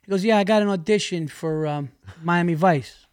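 A man's voice: high voice, smooth, dry recording. A man who is a comedian, guesting on a podcast, tells stories in a slightly raised voice. He jumps into the voices of the people in his anecdotes, restarting lines and breaking into laughter. The sound is dry and close, with no room around it. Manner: lively storyteller who acts out other people's lines; frequent laughter and quick restarts. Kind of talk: casual podcast chat, animated storytelling.

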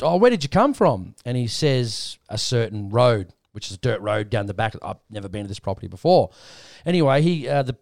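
A medium-pitched Australian man hosts a podcast, chatting loosely as he tells a wandering story. He brings it to life by imitating what others said. The studio-quality recording is dry.

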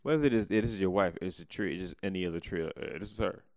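Gravelly, low-voiced joking man. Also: fast, darkish tone, dry recording, clean studio sound. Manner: joking, laughs often. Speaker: podcast co-host. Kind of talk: casual chat.

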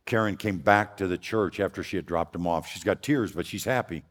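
Loud, deep-voiced older man preaching. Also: fairly quick. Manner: loud, folksy and earnest. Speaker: guest preacher. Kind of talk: storytelling sermon. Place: church sanctuary. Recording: long hall reverb.

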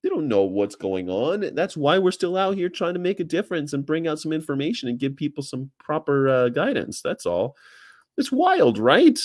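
A man's voice: a little high, moderate pace, no echo. Guy ranting casually about vegan outreach, swoops up and down a lot, dead dry sound. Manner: animated, profane, mimics people in funny voices. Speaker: vegan activist vlogger. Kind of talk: casual chat. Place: Charlotte, North Carolina.

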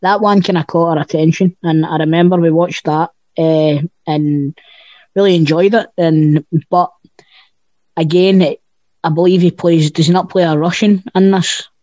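A man's voice: fairly high pitch, steady tone, moderate pace, darkish tone, dry recording. A man, chatting casually about films and cracking jokes. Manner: jokey, swears, storytelling. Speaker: podcast co-host. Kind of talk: casual chat. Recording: dull lo-fi dry sound.

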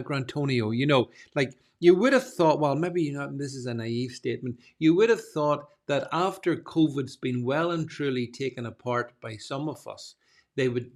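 A man's voice: fairly high pitch, vocal fry. Chatty man hosting a panel call. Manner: rambling, conversational, addresses guests by name. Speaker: podcast host. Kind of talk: casual panel chat.

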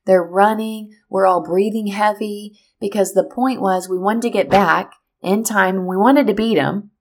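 A woman hosts a podcast and tells a personal story with a motivational message. Her voice sits at an ordinary middle pitch. She tells the story in a lively way and acts out what people said as she goes. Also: normal speed. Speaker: podcast host.

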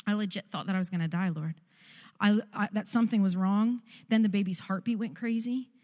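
A middle-aged woman tells a personal testimony in a candid, self-mocking way. Her voice sits at a middle pitch. A long hall reverb trails every phrase. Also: fairly quick, darkish tone. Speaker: speaker sharing testimony.

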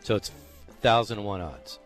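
Low-voiced man chiming in on radio. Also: lively intonation, normal speed, soft background music. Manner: chimes in with questions and wisecracks. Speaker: radio show co-host. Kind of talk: casual chat.

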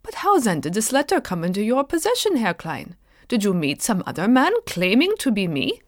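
A man's voice: sits high, huge pitch swings, normal speed, no echo, clean studio sound, voice pushed up. A woman voicing a dignified colonial pastor, bewildered at an accusation, speaking formally and with measure.

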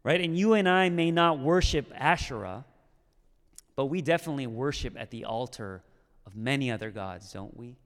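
A man's voice: mid-range voice, moderate pace. A man preaching a sermon in a conversational way, checking in with the listeners often. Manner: conversational, with frequent "okay?" and "right?" check-ins. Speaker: pastor. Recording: long hall reverb.

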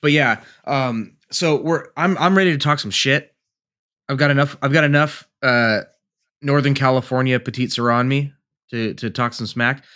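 A man's voice: mid-range voice, moderate pace, sharp tone. A man co-hosting a casual podcast, a flight instructor who laughs easily and talks loosely with some swearing.

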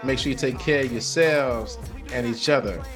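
Animated, middle-aged male podcast host. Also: mid-range voice, normal speed, music in the background. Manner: animated, laughing, slangy banter. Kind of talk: casual chat.

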